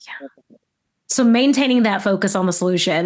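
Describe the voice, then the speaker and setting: A woman's voice: mid-range voice, a little fast. Woman co-host recapping her guest. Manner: attentive, summarizing the guest's point. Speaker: podcast co-host. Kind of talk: interview conversation.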